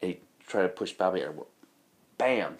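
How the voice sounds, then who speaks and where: Low-voiced male comic host, loose and profane, trades stories. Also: steady tone, racing. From New York. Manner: profane, laughing storyteller. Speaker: podcast host, comedian. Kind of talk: casual chat.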